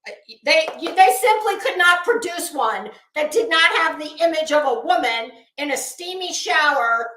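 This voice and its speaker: Gossipy high-voiced woman streamer, echoey room. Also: animated, normal speed, pushed and bright. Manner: gossipy, sarcastic, laughs often. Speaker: YouTube commentary host. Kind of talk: casual live-stream chat reading comments.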